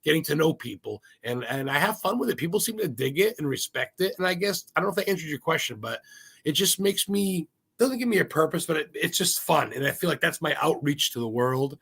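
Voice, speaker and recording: Man from maine, podcast guest, rambling and excitable, gravelly, slightly higher voice. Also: fairly quick. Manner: rambling, excitable, swears freely. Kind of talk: casual interview chat.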